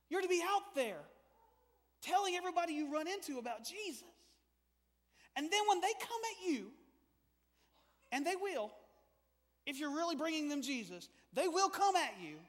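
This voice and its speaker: A male preacher delivers a sermon with a strikingly high voice. He swings from hushed stretches to loud, animated bursts. The sound carries a long reverberant tail from the church hall. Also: unhurried, long pauses. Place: church sanctuary.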